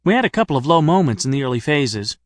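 A man's voice: on the high side, sing-song, fast talker, no echo, studio quality. A man voicing an earnest, devout young male hiker in an audiobook.

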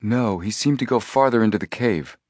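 A man voicing an alert teenage boy in a storybook reading, speaking with urgency and excitement. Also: lowish voice, normal speed, no echo, clean studio sound, voice pushed up, lightly acted.

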